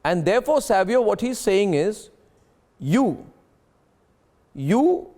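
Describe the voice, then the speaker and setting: A man's voice: sits high, sing-song, slow, long pauses, dark tone. A man hosting a heated television debate, emphatic and repetitive as he talks over his guests. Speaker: news debate anchor.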